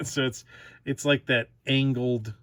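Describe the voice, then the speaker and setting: A man's voice: medium pitch, takes it slowly, sharp tone. A man hosting his own toy review channel, talking casually, giggling often and restarting his sentences.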